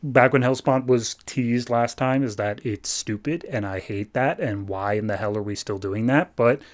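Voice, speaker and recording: A man's voice: mid-range voice, moderate pace. A man hosting a comic book podcast, recapping an issue in a casual, rambling way with wry, sarcastic asides.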